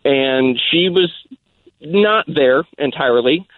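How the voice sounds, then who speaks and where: A man's voice: fairly high pitch, animated, slow pace, dry recording. Male caller over tinny phone line. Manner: rambling, hesitant, many fillers. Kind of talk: telling a story on the phone.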